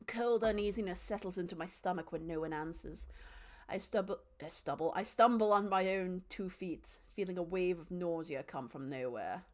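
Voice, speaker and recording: A young woman streaming a game, reading its narration dramatically and chatting with her cat and viewers. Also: medium pitch. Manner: chatty and animated, reads narration with dramatic flair, talks to her cat and chat. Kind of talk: live let's-play with dramatic reading of game text.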